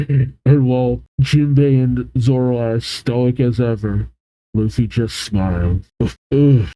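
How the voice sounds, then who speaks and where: A man hosting a manga reaction, reading panels aloud and reacting excitedly and emotionally, laughing often. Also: medium pitch, takes it slowly, no room sound, rough recording.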